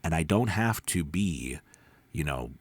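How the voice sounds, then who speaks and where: A man teaching voice-over in a casual video lesson, speaking close to the microphone and showing how his voice drops deep and quiet. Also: animated, measured pace, husky, no room sound. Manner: demonstrates pitch, drops deep and quiet then rises. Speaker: voice-over coach. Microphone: close studio mic.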